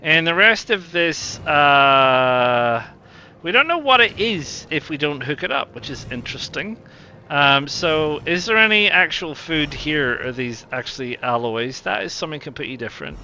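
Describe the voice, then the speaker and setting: A man's voice: fairly high pitch, sharp tone, a little hiss or hum. A man with a New Zealand accent casually commentating a strategy game, thinking aloud with lots of ums. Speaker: gaming channel host.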